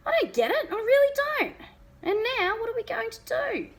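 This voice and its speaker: A woman reading aloud and voicing a panicked, red-faced father in a shrill, strained voice. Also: huge pitch swings, a little slow, pushed and bright, full character voice. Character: panicked middle-aged dad, frantic and red-faced.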